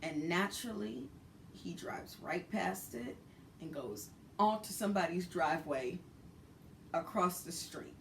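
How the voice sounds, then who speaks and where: Brooklyn woman, animated profane storyteller; distant mic, light hum. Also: lowish voice, unhurried, vocal fry. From Brooklyn, New York. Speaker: vlogger. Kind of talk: storytime vlog.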